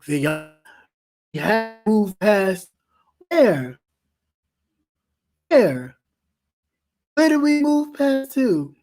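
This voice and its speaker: A man's voice: sits high, a little mellow. Emphatic man with stumbling restarts. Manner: emphatic, with many repeated restarts. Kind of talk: impassioned talk-show commentary.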